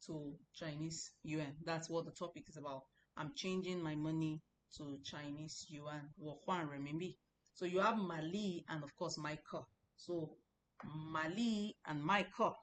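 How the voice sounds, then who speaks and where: A woman's voice: deep voice, slight background noise. A woman teaching a Mandarin lesson, patiently explaining and repeating pronunciations. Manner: patient and repetitive, drilling pronunciation aloud.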